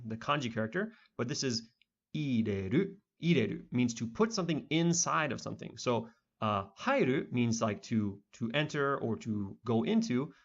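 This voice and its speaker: A man teaching a beginner language lesson online in a relaxed, conversational way with lots of fillers. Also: mid-range voice, vocal fry, dull audio.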